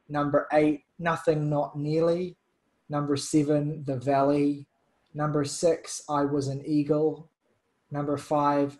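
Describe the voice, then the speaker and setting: A man with a fairly high voice hosts a casual music podcast, chatting loosely and filling his talk with lots of fillers. The recording quality is low.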